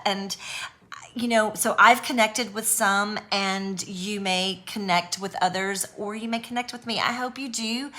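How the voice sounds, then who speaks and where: Nervous, earnest woman with a bright voice. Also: medium pitch. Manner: nervous, earnest, reassuring, with many fillers. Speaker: YouTuber speaking on abuse recovery. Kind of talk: unedited personal vlog talk.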